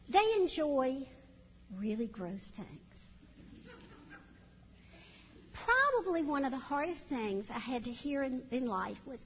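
A middle-aged woman telling animated, folksy stories to a church audience, recorded in a church hall. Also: sits high, slight background noise. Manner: animated, folksy storytelling with acted-out voices. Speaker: church speaker. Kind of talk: storytelling talk to a church audience. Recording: dull sound in a long-reverb hall.

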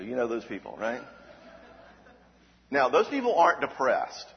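A man's voice: mid-range voice, normal speed, creaky, long pauses. A man giving an emphatic Christian teaching talk, asking rhetorical questions and checking in with "all right?". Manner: animated, emphatic delivery. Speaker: Christian speaker on emotional health. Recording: dull recording with long hall reverb.

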